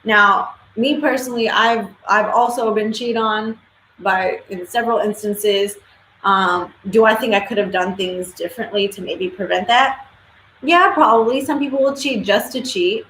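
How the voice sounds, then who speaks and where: A woman's voice: medium pitch, normal speed, fairly bright tone. Woman live-stream host, blunt and outspoken with casual swearing, recorded in a roomy echo with a faint hum behind. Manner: blunt, opinionated, swears freely. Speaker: livestream host. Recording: echoey room with faint ambience.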